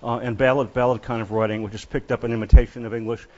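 A man giving a classroom lecture on poetry, speaking haltingly with many fillers and restarts. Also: mid-range voice, level tone, dark tone, muffled recording. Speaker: literature lecturer.

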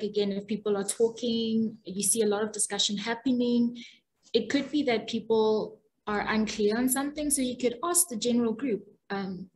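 A woman's voice: medium pitch, a little mellow, slight background noise, low-quality recording. A woman facilitator presenting a webinar lesson, explaining steadily with frequent ums and small restarts. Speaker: workshop facilitator. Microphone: video call.

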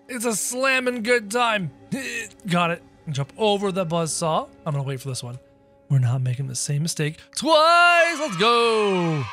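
A man with a high, bright, very animated voice comments on a game as he plays, joking and yelping at every scare. Faint music plays behind him. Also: gravelly. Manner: excitable, jokey, prone to yelps and shouts. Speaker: gaming channel host. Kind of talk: game commentary, playing in character.

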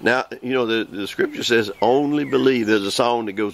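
A man in his sixties preaching a folksy sermon, slowing down to read scripture aloud. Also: fairly low pitch, gravelly. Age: 60s.

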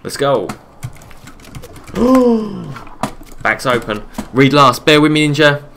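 Chatty man with a bright voice. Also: medium pitch, moderate pace, a little hiss or hum. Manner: reads chat messages aloud and answers viewers between play calls; relaxed, chatty, repeats his own phrases. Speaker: game streamer. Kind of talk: casual live-stream commentary while gaming.

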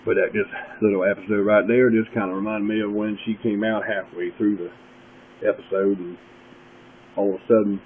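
Man, deep drawling gurgly voice, folksy rambling vlogger, tinny lo-fi audio. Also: flat delivery, fairly quick. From West Virginia. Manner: folksy, meandering, opinionated. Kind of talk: casual rambling monologue. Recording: tinny lo-fi webcam audio with faint hiss.

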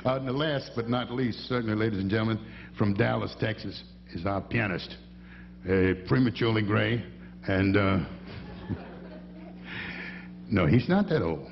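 A man's voice: fairly low pitch, unhurried, vocal fry, long pauses, in a large hall, muffled recording, slight background noise. A man leading a band, telling folksy jokes and introducing the players on stage at an outdoor jazz festival through a stage microphone. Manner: folksy storyteller, teasing the band members. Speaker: bandleader introducing his band.

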